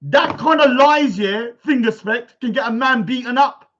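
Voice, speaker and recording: A high-voiced man rants on a livestream, loud and confrontational, hammering the same phrases again and again. The sound is dull and lo-fi, as from a basic home setup indoors. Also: moderate pace. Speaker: livestream host. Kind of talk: ranting livestream chat. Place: indoors at a bungalow.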